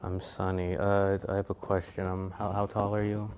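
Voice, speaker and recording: Brief: low-voiced man, stammering and blunt, light hiss in background. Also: completely flat delivery, a little mellow. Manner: halting, stammering, bluntly opinionated. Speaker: contestant. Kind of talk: casual banter.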